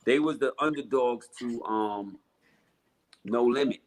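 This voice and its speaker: A man's voice: mid-range voice, measured pace. Brief: New man, rap guest, blunt storyteller, plain mid voice. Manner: blunt, profane, animated storyteller. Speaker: rapper guest. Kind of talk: casual storytelling interview.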